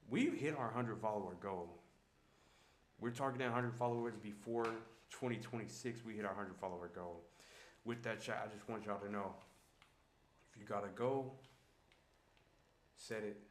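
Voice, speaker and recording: A man's voice: fairly low pitch, moderate pace. A man streaming live and talking casually to his chat in a laid-back, slangy way. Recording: echoey room with faint background noise.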